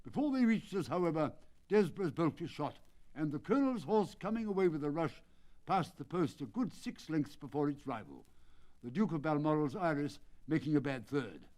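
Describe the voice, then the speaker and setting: A man's voice: a little high, big pitch swings, normal speed, a little mellow. Older man narrating a story theatrically. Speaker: audiobook narrator. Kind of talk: dramatic audiobook reading.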